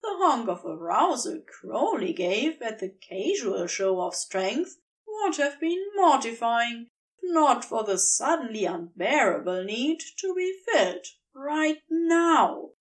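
Brief: female audiobook-style narrator, unhurried and animated in pitch. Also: far from the mic. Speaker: podfic reader. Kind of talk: scripted narration.

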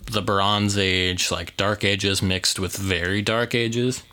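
A man's voice: fairly low pitch, fairly even intonation, slow, pushed and bright. A man co-hosting a movie podcast, chatting casually with a rambling, joking manner and lots of fillers. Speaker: podcast co-host. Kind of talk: casual movie review chat.

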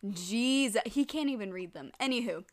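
A woman's voice: a little high, animated, moderate pace. A woman co-hosting a casual podcast, retelling anime scenes with dramatic energy and frequent laughter. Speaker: podcast co-host recapping an anime. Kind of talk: casual chat.

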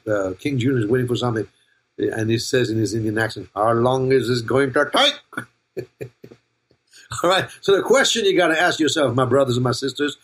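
An older male pastor delivers a playful, joking sermon with a husky voice. He checks in with the congregation and calls on people by name. His delivery stays loose and conversational. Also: fairly high pitch. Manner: playful, jokey preaching with laughs and call-outs to the congregation.

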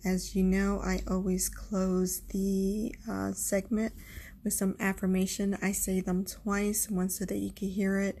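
A woman giving a calm, encouraging spiritual talk on stones and star signs, repeating affirmations for listeners to say back. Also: mid-range voice, breathy edge. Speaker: astrology and crystal reader. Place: new, not yet quiet spot. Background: faint background noise.

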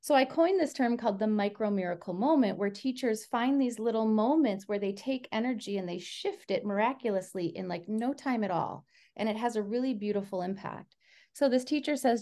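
Woman, education researcher as interview guest; gravelly, earnest, filler-heavy delivery. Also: fairly high pitch, brisk. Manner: animated storyteller. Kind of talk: casual interview conversation.

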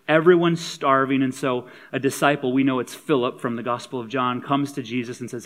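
A male pastor delivering a sermon in a relaxed, humorous, conversational way at a medium pitch. He builds to emphatic, energetic stretches when he drives a point home. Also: a little fast, few pauses.

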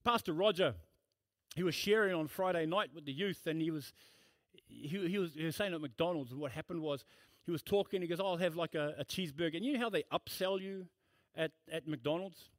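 A pastor with a rather high voice preaches a sermon in church, speaking briskly in a dry recording. He is emphatic and repetitive, breaking off now and then into casual storytelling asides.

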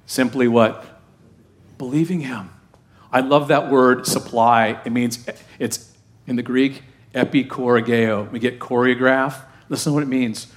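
A man's voice: mid-range voice, steady tone, moderate pace. A middle-aged man, a pastor giving a sermon in a conversational way and putting questions to the congregation.

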